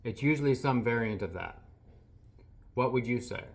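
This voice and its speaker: A man who works as a healing practitioner, speaking earnestly in a soft reflective monologue with frequent pauses and restarts. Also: mid-range voice. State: a little teary.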